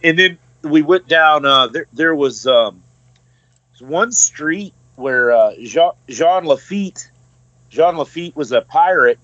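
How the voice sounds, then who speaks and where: A man co-hosts a casual podcast, telling stories with swearing and halting fillers. His voice sits a bit high. The sound is dry and close, with a dull lo-fi quality. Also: expressive, a bit bright, dry recording. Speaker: podcast co-host. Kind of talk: casual storytelling.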